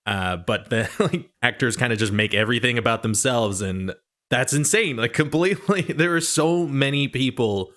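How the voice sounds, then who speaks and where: A man co-hosting a podcast, chatting casually in a quick, talkative way and laughing often. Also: mid-range voice, animated, a bit bright. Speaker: podcast co-host.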